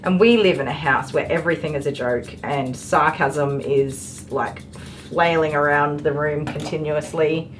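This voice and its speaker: A middle-aged woman grooming dogs indoors chats on a live stream as she works, with lots of ums and laughter. She has a low voice and a measured pace with few pauses. Faint music sits behind her, and the audio is poor.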